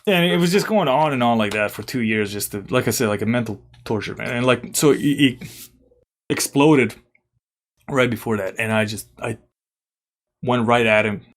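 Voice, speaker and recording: A man's voice: mid-range voice, normal speed. Serbian-accented young man telling stories. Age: young adult. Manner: animated, swears and laughs while telling stories. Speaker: podcast guest, former college basketball player. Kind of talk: casual storytelling interview.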